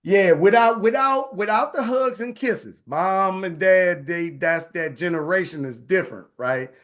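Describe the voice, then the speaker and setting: A man in his forties hosting a live online session, telling personal stories in a casual, animated way and often asking "right?". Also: high voice, unhurried. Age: 40s. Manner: animated, repeats phrases, says "right?" often. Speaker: host.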